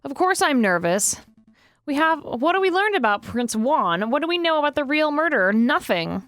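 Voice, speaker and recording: A stern bird lawyer with a sharp tongue, read by a woman, curt and scolding in a dry, close voice. Her delivery rises and falls with lively emphasis. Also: high voice, normal speed, dry recording, soft background music, pitched above the performer's own voice.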